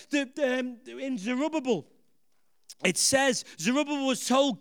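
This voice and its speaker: A man preaching a sermon, energetic and rousing, building up to shouts and laughing at himself along the way. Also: extremely high pitch, a little slow, no echo, studio quality. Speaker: pastor.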